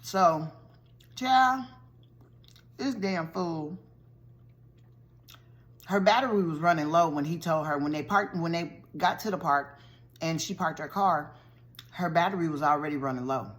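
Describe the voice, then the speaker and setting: A woman vlogger recapping a TV show's plot in a lively, colloquial storytelling style, full of slangy asides. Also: deep voice, a little slow, long pauses. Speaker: vlogger reviewing a TV show.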